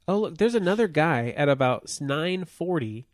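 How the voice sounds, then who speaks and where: A man co-hosting a podcast in casual chat, joking with quick asides. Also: a little high, lively intonation, no echo, clean studio sound. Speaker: podcast co-host.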